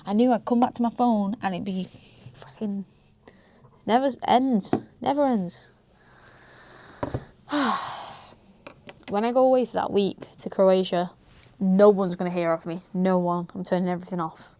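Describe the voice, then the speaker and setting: A woman's voice: medium pitch, fairly even intonation, moderate pace, long pauses, warm tone. A British woman in her twenties, chatting casually in a vlog about running her small business, easily sidetracked and swearing lightly. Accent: British English. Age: 20s. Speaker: vlogger, small business owner. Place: small home office indoors.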